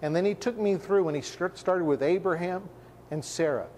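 A man preaching a sermon, firing off rhetorical questions with emphasis and sinking into a hushed tone for personal stories. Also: high-pitched, normal speed, in a large hall, a little hiss or hum.

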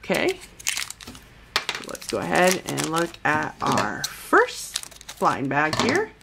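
Excitable woman gushing over toys. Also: low voice, takes it slowly, creaky, noisy background. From United States. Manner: gushing, excitable, addresses viewers as guys. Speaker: toy unboxing vlogger. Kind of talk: casual unboxing narration.

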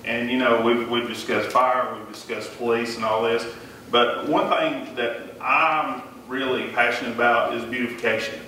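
A man's voice: medium pitch, fairly even intonation, normal speed, pushed and bright. A man with a Southern US accent, a city council candidate giving an earnest forum speech and repeating himself now and then. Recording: echoey room, mic far off, noisy.

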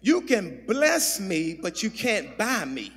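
A man pastor preaching a sermon, swinging between shouted calls to the congregation and quiet murmured asides. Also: high-pitched, sing-song, slow pace, slightly rough. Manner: preaching with call-and-response, shouting and dropping to murmurs. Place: large church sanctuary. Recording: long hall reverb.

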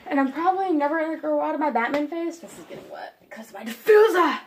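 A woman's voice: high-pitched, expressive, fast talker, slight background noise. A teenage girl chatting casually on her vlog, giggly, scattered and self-deprecating, jumping from one thing to the next. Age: teens. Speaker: vlogger. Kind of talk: casual rambling vlog chat.

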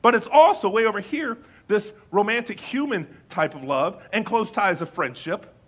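Bright, husky-voiced male pastor preaching. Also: sits high, lively intonation. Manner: conversational preaching with playful asides; reads scripture slowly and deliberately. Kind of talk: sermon.

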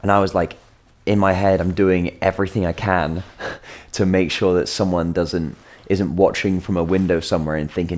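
Fields: man, deep voice, rambling storyteller. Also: level tone, normal speed, darkish tone. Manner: rambling, self-deprecating anecdote with asides and jokes. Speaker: vlogger. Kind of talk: casual storytelling vlog.

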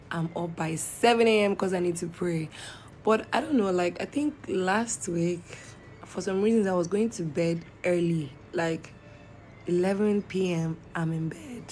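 A young woman chatting slowly and playfully on a late-night livestream, her voice tired and a little croaky. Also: lowish voice, a little mellow. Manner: slow, drawling, playful. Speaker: livestreamer reading comments. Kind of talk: late-night live stream chat.

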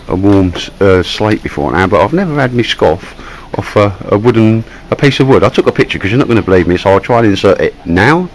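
A Cockney man with a notably deep, low voice talks to his camera outdoors in a chatty, rambling vlog. He jokes his way along with lots of fillers, recorded on a camera mic with faint outdoor ambience behind him. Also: slight background noise, poor audio. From London. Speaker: vlogger. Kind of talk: casual vlog chat to camera.

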